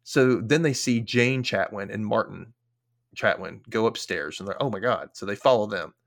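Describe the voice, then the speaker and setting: A man's voice: fairly low pitch, normal speed, a bit bright. A man hosting a podcast, casually recapping a TV episode in a chatty way, full of filler words and casual swearing. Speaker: podcast host.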